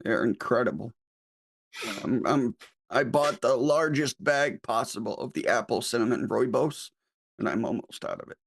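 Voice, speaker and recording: A man speaks as a panelist in a loose live chat, blunt in his wording and swearing freely. His voice sits at an ordinary middle pitch. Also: expressive, normal speed, gravelly. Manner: blunt and profane.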